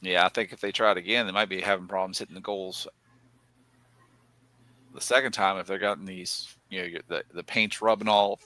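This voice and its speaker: Joking guy hosting a collector chat, brightish low voice, teasing the crew. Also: fairly even intonation, fairly quick, poor audio. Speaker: podcast host. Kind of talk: casual group chat.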